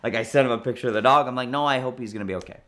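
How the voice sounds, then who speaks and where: A man in his thirties, a car dealer, telling a story with lively restarts and acted-out dialogue. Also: medium pitch, racing. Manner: animated, many restarts and quoted dialogue. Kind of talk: storytelling interview.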